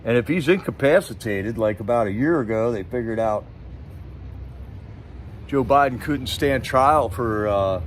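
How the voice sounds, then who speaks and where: A man's voice: medium pitch, lively intonation, measured pace, slight background noise. A man hosting a live stream, chatting casually in a rambling, sarcastic way with many restarts.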